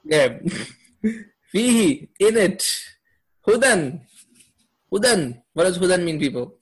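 A man with a fairly high voice teaches a class on Quranic Arabic. He keeps quizzing his students and laughs often as he goes. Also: animated, slow, husky. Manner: asks students questions, upbeat with laughs. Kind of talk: classroom lesson.

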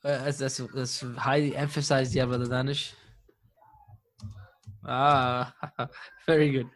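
A man's voice: mid-range voice, little pitch movement, takes it slowly, a bit bright. A man teaching an Arabic grammar class live online, patient and encouraging, often chuckling.

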